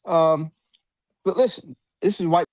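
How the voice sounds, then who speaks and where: A man's voice: on the high side, steady tone, unhurried, darkish tone, no room sound. A man hosting a casual live call-in chat, joking and laughing through crude banter. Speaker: host.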